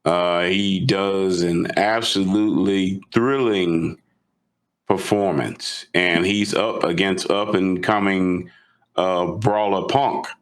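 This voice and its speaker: Podcast co-host, male, lower register, animated casual storyteller. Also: takes it slowly. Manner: animated, retelling with excitement.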